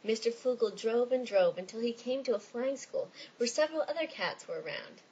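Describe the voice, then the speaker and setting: A woman reading a children's story aloud in an expressive storytelling manner. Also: a little high, fairly quick, few pauses, slightly rough, lo-fi sound. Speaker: reader.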